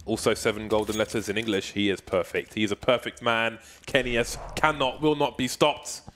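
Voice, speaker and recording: A man doing live color commentary on an esports match, joking around with a slow drawl that bursts into shouts. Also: lowish voice, steady tone, a little hiss or hum. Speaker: esports caster.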